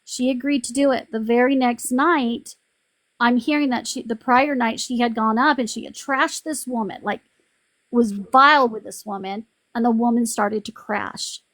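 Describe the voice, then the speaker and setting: A woman's voice: fairly high pitch, steady tone, normal speed, fairly bright tone, no room sound. Rambling, frustrated woman on a livestream. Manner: rambling, frustrated, full of restarts. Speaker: livestream host. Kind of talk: casual live-stream venting.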